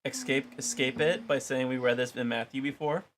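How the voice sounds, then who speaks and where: A man's voice: mid-range voice, steady tone, moderate pace, a bit bright, a little hiss or hum. A man reading a Bible passage aloud and then discussing it casually with many fillers. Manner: reads aloud, then chats loosely with many "like"s. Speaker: Bible study co-host. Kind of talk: scripture reading with casual commentary.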